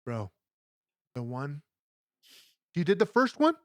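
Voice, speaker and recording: A man's voice: a little high, wildly swooping pitch, slow, dry recording. A young adult man co-hosting a podcast, telling a story in casual chat with lots of restarts and fillers. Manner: rambling storyteller, many restarts. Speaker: podcast co-host.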